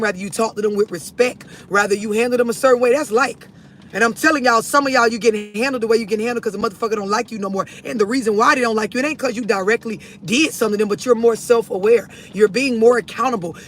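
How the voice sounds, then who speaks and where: A livestream host with a very high-pitched, slightly bright voice delivers a blunt, profane, preachy rant directly at his viewers. He's streaming on a phone from inside a vehicle, with slight background noise.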